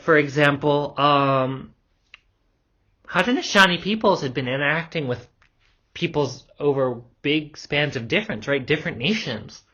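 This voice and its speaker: A man's voice: mid-range voice, fairly bright tone. A man lecturing on anthropology in a loose, casual way, full of ums and the odd swear word. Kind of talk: recorded lecture. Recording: dull lo-fi recording.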